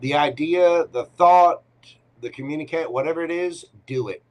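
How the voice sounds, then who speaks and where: A man's voice: fairly high pitch, normal speed, darkish tone. A man hosting a live tarot Q&A, giving readings in a playful, teasing way with short punchy commands.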